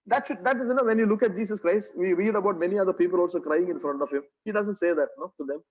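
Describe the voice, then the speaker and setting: A pastor delivers a sermon in church, speaking English with a Kerala accent in a high, husky voice. He talks fast and earnestly, repeating phrases and peppering the congregation with rhetorical questions. The recording sounds dull and lo-fi.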